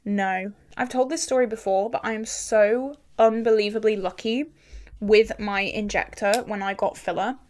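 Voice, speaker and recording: A woman's voice: mid-range voice, steady tone, moderate pace, darkish tone. A young woman in her twenties talking casually to camera while doing her makeup, frank and chatty with lots of "like" fillers. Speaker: beauty vlogger.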